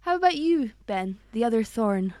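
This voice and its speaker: A woman's voice: fairly high pitch, big pitch swings, moderate pace, a little mellow, no echo, clean studio sound. Teasing Scottish woman co-host. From Scotland. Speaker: podcast co-host. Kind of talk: casual podcast chat.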